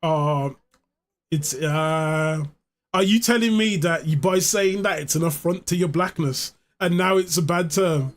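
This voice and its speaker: A man's voice: fairly high pitch, a little slow. A man streaming live, chatting casually in a rambling, joking way, swearing freely. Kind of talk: casual chat.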